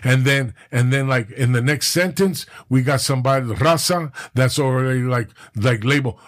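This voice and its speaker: A man's voice: mid-range voice, moderate pace, few pauses. Profane, rambling middle-aged man. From Southern California. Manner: profane, emphatic, rambling street talk. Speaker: podcast guest. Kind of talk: candid personal conversation.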